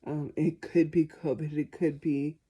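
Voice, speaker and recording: A woman's voice: sits low, little pitch movement, unhurried, warm tone, slightly rough. A woman answering viewer questions in a casual vlog, chatty and self-deprecating.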